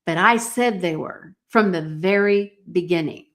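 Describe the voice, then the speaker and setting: A woman's voice: on the low side, measured pace. A middle-aged woman hosting a live-streamed podcast, giving an earnest, encouraging talk and speaking directly to her viewers. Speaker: podcast host.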